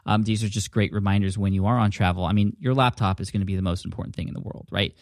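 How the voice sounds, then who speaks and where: A man's voice: on the low side, steady tone, fast talker, no echo. A man hosting a podcast in casual, upbeat chat, recorded at home on a desk microphone. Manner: upbeat, chatty. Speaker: podcast host. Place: home office. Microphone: studio dynamic mic at a desk. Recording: dry close-mic studio sound.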